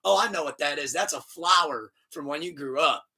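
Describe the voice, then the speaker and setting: A man's voice: a little high, a little fast, vocal fry, slightly rough, exaggerated voice. A man playing a cocky young lion. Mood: boastful. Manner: cocky, lively. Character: cocky young male lion, charming and careless.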